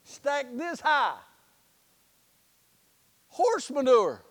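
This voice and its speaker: A man preaching a sermon as pastor, telling a folksy story in an animated storytelling manner. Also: extremely high pitch, extremely slow, long reverb tail. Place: church sanctuary.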